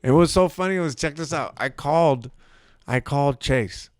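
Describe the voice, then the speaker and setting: Smooth-voiced man telling a story. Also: fairly high pitch, moderate pace, dry recording, clean studio sound. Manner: animated, swearing, acts out phone calls. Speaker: podcast co-host. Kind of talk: casual chat, storytelling.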